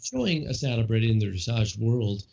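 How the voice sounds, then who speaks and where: Gravelly guy host rambling thru his questions, muffled lo-fi audio. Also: lowish voice, animated, mellow, slight background noise. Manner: rambling, halting questions with many fillers. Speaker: podcast host. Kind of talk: casual podcast interview. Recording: dull lo-fi podcast audio.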